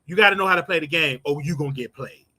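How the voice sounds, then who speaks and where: Blunt high-voiced man ranting advice. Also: quick pace, bright, forceful tone. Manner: blunt, preachy, repeats his points for emphasis. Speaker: show host. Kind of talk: casual advice rant.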